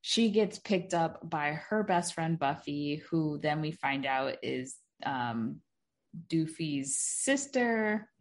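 Low-voiced woman chatting about movies. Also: lively intonation, slow. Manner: chatty, rambling with fillers. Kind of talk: casual movie recap chat.

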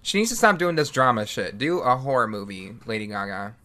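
Bright-voiced man in casual chat. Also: mid-range voice, a little fast. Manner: animated, swears freely, laughs often. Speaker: podcast host.

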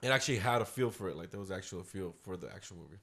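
A man co-hosting a podcast in relaxed, slangy, rambling chat. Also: low-pitched, very fast, slightly rough. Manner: laid-back, slangy and rambling. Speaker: podcast co-host. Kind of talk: casual chat.

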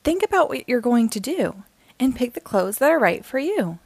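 A woman voicing a kind, patient tiger father in a storybook read-aloud, in a gentle manner. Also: fairly high pitch, big pitch swings, moderate pace, gravelly, no room sound, heavily acted.

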